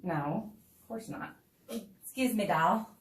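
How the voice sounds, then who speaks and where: Painting live from a room at home rather than a studio, a woman chats with her viewers in a bubbly way and laughs often. Her voice sits on the low side and moves slowly, with a little hiss or hum in the audio.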